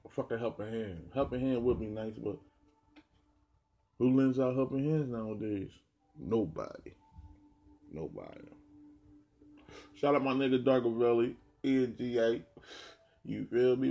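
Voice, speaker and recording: A man's voice: mid-range voice, mellow, muffled recording. A man from New Jersey talking in a casual monologue, ranting bluntly with heavy slang and a lot of repetition. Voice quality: gravelly, husky.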